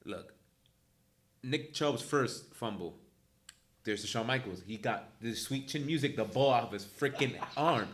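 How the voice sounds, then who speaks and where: A man's voice: mid-range voice, expressive, unhurried, a bit bright. A young man co-hosting a sports podcast, blunt and joking, swearing casually as he breaks down a game. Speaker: podcast co-host.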